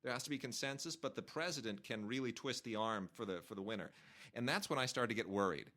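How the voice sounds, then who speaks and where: A man's voice: mid-range voice, quick pace. A man hosting a film podcast, telling an anecdote in casual chat and acting out the quotes of the people in it, with many restarts. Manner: animated, acts out quotes with restarts. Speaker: podcast host, film critic.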